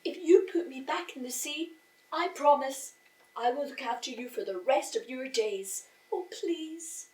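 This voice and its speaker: A woman voicing a small magic talking fish that begs to be set free, in a high, urgent voice. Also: unhurried, darkish tone, echoey room. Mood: pleading.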